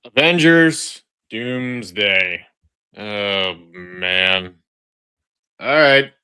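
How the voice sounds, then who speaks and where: A man with a bright, forceful tone drawls through casual trailer reaction commentary at an unhurried pace. He talks straight to his viewers in a chatty way, often restarting and repeating his phrases. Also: on the low side, lively intonation, smooth. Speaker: online video host.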